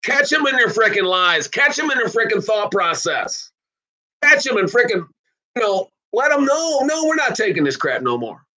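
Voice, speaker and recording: A man hosting his own podcast, talking in a casual, blunt monologue that swings from loud outbursts to low asides. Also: big pitch swings, normal speed. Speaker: podcast host.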